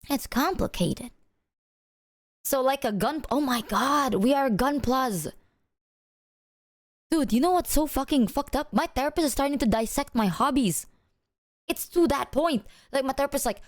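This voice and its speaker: A young woman streamer ranting to her viewers in an animated, profane, casual way. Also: high voice.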